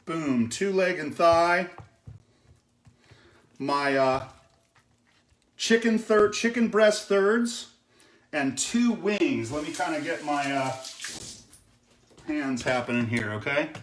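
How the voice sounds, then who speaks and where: A man's voice: on the high side, takes it slowly, pauses often, echoey room. A man hosting a casual live cooking demo in his kitchen, chatting with viewers and often checking in with "okay?". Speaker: chef hosting a cooking stream. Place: home kitchen.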